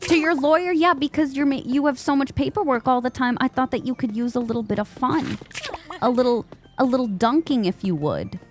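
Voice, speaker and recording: Live-streaming a game, a young woman talks to the characters on screen and says hello to her viewers as a Twitch streamer. She speaks a little fast in a high voice, with faint music behind her.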